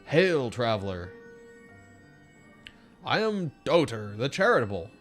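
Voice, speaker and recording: Casting: a man putting on an ancient divine spirit, grand and archaic, unhurried and loud. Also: mid-range voice, sing-song, faint music behind. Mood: solemn. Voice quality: archaic, grand, slow proclamation.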